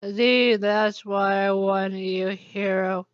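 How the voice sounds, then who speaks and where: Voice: mid-range voice, fairly even intonation, slow pace, clear, resonant tone, dry recording, natural voice. A storyteller voicing a gloating male villain with a put-on Irish accent, in a dull lo-fi recording.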